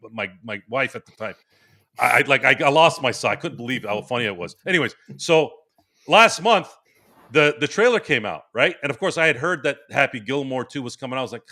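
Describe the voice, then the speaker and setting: Bright-voiced man telling a funny story. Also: mid-range voice. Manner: animated, laughing storyteller with many restarts. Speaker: podcast host. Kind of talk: casual storytelling. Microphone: remote stream microphone.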